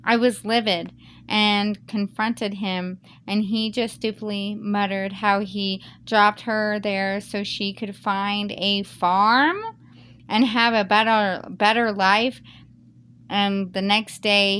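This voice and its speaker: A woman's voice: medium pitch, a bit bright, a little hiss or hum. A woman who reads a Reddit post aloud and then reacts to it in a heated, emphatic rant. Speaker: YouTuber reading Reddit posts.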